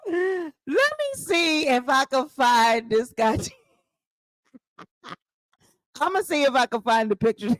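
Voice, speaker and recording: Woman gossip vlogger cussing and laughing, super lively voice, dry close sound. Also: high-pitched, slow, pauses often, no echo. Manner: laughing, profane, animated. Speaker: vlog host. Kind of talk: casual gossip commentary.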